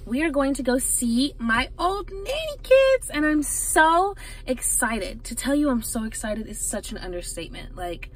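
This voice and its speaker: A young woman vlogging casually from a parked car, chatty and gushing with excitement. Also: sits high, moderate pace, low-quality recording. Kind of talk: casual vlog talk to camera.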